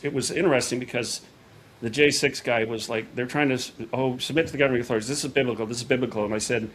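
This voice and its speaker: A middle-aged man, a podcast guest, telling a personal story in a casual, animated way and acting out quoted dialogue. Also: medium pitch, a little hiss or hum.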